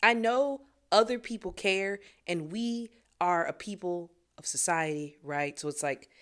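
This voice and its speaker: A woman's voice: fairly low pitch, a little slow. A young woman singer talking casually to her viewers, recorded on her phone, laughing often as she reflects. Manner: animated, laughs often, talks to viewers directly. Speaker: singer and vlogger. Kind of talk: casual reflective vlog to camera.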